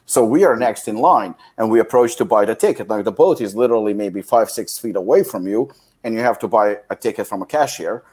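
Animated, swearing man telling a story. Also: lowish voice, brisk, slightly rough. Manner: animated storyteller, swears a lot, acts out quotes loudly. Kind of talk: casual chat.

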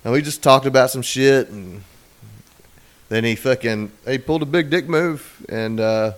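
A man's voice: medium pitch, measured pace. A man telling a long, crude, rambling story on a casual podcast, often acting out other people's lines. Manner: rambling, profane, acts out quoted voices.

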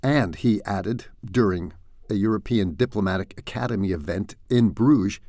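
A man's voice: lowish voice, normal speed, mellow, no echo. A man delivering satirical news commentary in a dry, sardonic way, full of wry asides. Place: home in France.

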